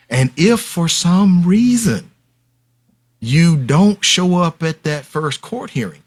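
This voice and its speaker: Emphatic man lecturing as a podcast guest. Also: medium pitch. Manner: emphatic, lecturing, addresses listeners directly. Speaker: guest expert on paternity fraud. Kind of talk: podcast interview, explaining at length.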